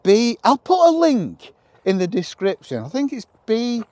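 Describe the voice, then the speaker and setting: A man with a high voice holds forth to camera in an impassioned, emphatic monologue. His pitch swings widely as he presses his points and repeats himself. The sound is close and dry. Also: measured pace, no room sound. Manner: animated, emphatic, repeats himself, addresses the viewer directly. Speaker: vlogger.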